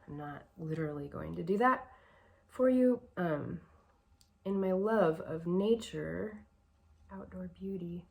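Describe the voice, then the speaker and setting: A woman's voice: lowish voice, takes it slowly, vocal fry, darkish tone. A woman vlogger giving casual personal advice, reflective and a bit emotional, with a shaky voice and many fillers.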